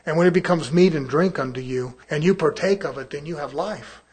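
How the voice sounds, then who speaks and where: A man preaching a sermon to his congregation, repeating phrases and swinging between soft asides and loud, pleading peaks. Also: fairly high pitch, fairly quick. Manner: rhythmic, call-and-response pleading.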